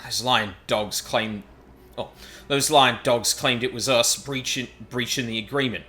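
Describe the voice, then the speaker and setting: A man voicing a brash, hot-tempered male pirate captain in a game, reading the dialogue aloud in a gruff, commanding manner. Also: medium pitch, measured pace, bright, forceful tone, pitched above the performer's own voice. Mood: angry. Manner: gruff, commanding, barking orders.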